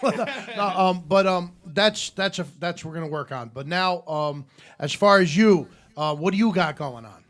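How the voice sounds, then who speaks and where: High-voiced man steering the chat. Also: normal speed, a bit bright. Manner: laid-back, steering the talk. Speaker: show host. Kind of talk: casual chat.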